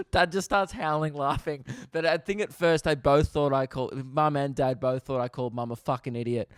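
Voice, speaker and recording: A young Australian man hosting a podcast, telling a comedic story with animated swearing and laughter. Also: a little high, moderate pace, clear, resonant tone, dry recording, clean studio sound. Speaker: podcast host.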